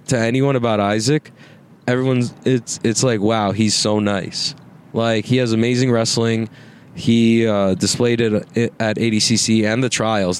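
A man's voice: medium pitch, clear, resonant tone. A young man in his twenties hosting a casual podcast while riding in a car, rambling, swearing and laughing as he talks. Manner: rambling, profane, laughs often. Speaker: podcast host. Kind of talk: casual chat. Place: inside a moving car. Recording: faint road noise in a car.

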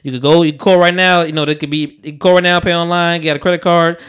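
A man hosting a podcast, chatting casually and telling animated stories with acted-out quotes. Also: a little high, fast talker, clear, resonant tone. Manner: animated storyteller, acts out quotes. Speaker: podcast host. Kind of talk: casual chat.

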